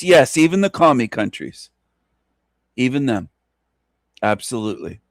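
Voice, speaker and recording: A man hosting a solo radio monologue, ranting emphatically and repetitively with mocking chuckles and sudden jumps in pitch. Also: very animated, a little slow, gravelly, dry recording, clean studio sound. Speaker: radio show host.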